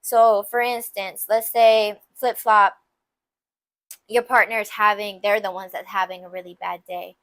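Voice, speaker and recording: A woman's voice: mid-range voice, flat delivery, a little slow, a bit bright, dry recording. A young woman hosting a casual advice podcast, candid and emphatic, full of "like" and playful asides. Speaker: podcast host.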